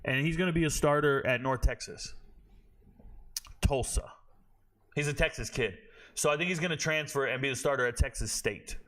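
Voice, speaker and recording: Blunt, animated college football host. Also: male voice, mid-range voice, moderate pace, pauses often. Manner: blunt, profane, animated, talks to himself while checking stats. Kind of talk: casual opinionated commentary.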